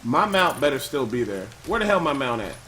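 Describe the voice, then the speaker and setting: A man giving gameplay commentary, thinking aloud and loudly trash-talking enemies with plenty of swearing. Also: medium pitch, sing-song, brisk, slight background noise. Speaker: let's play commentator.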